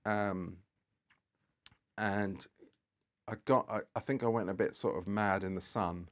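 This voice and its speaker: A British guest photographer tells anecdotes on a podcast in a steady, lowish voice at a slightly slow pace. He rambles along with many fillers and restarts.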